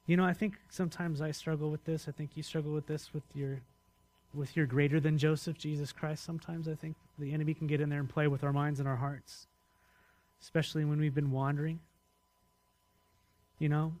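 A man's voice: a little high, flat delivery, a little fast, darkish tone. A man preaching a sermon as pastor, conversational and often putting questions to the congregation.

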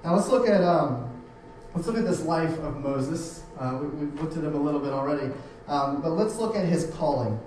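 A man's voice: a little high, lively intonation, moderate pace, a little mellow. Echoey preacher man, talking off-mic. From United States. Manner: conversational, repeats words and restarts often. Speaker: pastor. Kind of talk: sermon. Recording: very echoey room, voice from a distance, faint hum.

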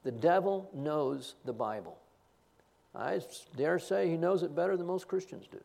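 An older male pastor delivering a sermon with a rough, gravelly edge to his voice. His pitch sits a little high and moves a lot, rising on rhetorical questions and dropping low for asides. He mixes teaching with dry, self-deprecating humor. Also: animated, normal speed, warm tone.

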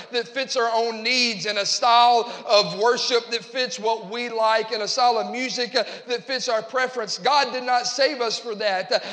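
A man's voice: very high-pitched, sharp tone, in a large hall. A man preaching an impassioned sermon in a church, repeating himself and restarting phrases with many fillers. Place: church sanctuary.

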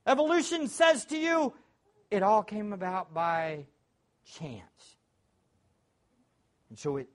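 A man preaches with great emphasis. His pitch rises and falls in lively swings, from near-whispered asides to ringing exclamations. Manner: emphatic, swings from hushed to shouting. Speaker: pastor. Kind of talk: sermon.

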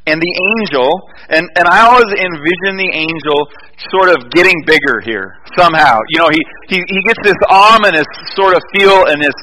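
Pastor guy preaching, chatty and animated, kinda high bright voice. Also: moderate pace, big-room sound, a little hiss or hum, rough recording. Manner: conversational, animated, asks listeners rhetorical questions. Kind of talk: sermon.

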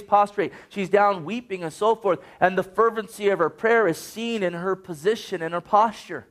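A man preaching a sermon, earnest and urging, often quoting scripture. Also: high-pitched.

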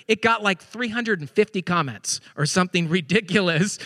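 A male pastor in his forties telling chatty, animated personal stories during a sermon. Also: high voice, quick pace, hardly any pauses, no echo, studio quality, big-room sound.

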